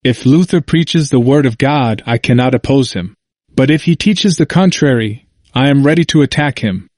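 A man reading the part of a zealous reformer preacher who speaks with emphatic, sharp irony. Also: medium pitch, lively intonation, moderate pace, dry recording, studio quality, lightly acted. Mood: calm.

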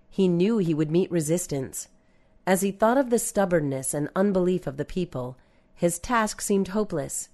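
A woman reading a religious text aloud in a measured way, dropping her voice for the scripture references. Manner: measured, reads scripture references in a lower, softer voice. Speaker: reader. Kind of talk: scripted narration of a religious book.

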